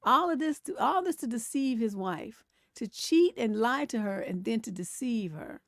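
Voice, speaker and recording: Sassy host, woman, gravelly and fairly high, animated meme commentary, dry close mic. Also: moderate pace, no room sound. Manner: animated, sassy, laughs often, mimics grumpy voices. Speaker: relationship coach and show host. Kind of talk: casual live-stream commentary reading memes.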